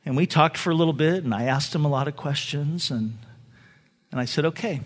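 A man's voice: a little high, fairly quick. A middle-aged male pastor preaching a conversational, storytelling sermon to his congregation. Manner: storytelling, conversational with laughs and emphatic retellings. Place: church sanctuary.

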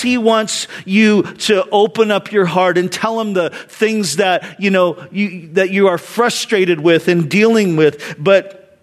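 A middle-aged man preaching a sermon to his church in an earnest, conversational way, often repeating words as he goes. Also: high voice. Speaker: pastor.

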